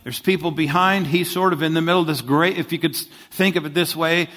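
Speaking fairly quickly in a high-side, somewhat bright voice, a man preaches conversationally. He often questions the congregation and restarts many times.

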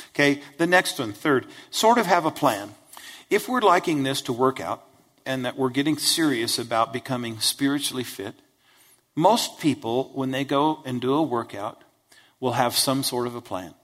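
A male pastor preaching in an easy, conversational way, plain-spoken and folksy, often pausing to ask his congregation if they are with him. His voice sits at an ordinary middle pitch. The sound carries a long reverb from a large church hall. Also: a bit bright. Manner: keeps checking in with listeners with "right?", "okay?" and "Amen?". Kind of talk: conversational sermon.

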